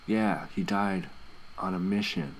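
A man's voice: sits low, fairly even intonation, measured pace, a little hiss or hum. A man playing a bossy, protective superhero, teasing and blunt in an improvised comedy audio play.

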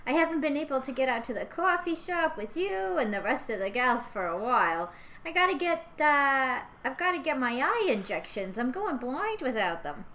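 A sweet, lonely old woman who fusses over her visitors, acted by a woman. The voice is slightly high and very bright. A faint hiss sits behind it. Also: very animated, normal speed, heavily acted, poor audio. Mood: fussing.

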